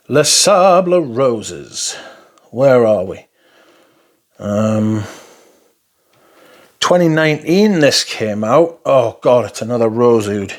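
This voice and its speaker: A man giving casual, rambling first impressions of fragrances, blunt and full of swearing. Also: medium pitch. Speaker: fragrance reviewer.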